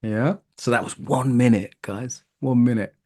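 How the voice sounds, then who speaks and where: A man from Britain teaching a live coaching workshop, lively and playful, asking the room questions. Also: medium pitch, a little slow.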